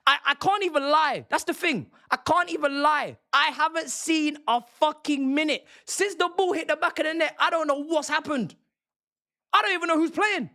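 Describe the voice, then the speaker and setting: A man's voice: very high-pitched, moderate pace, sharp tone. A young man, a football streamer ranting angrily and with lots of swearing on a live stream. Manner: angry, profane, repetitive ranting.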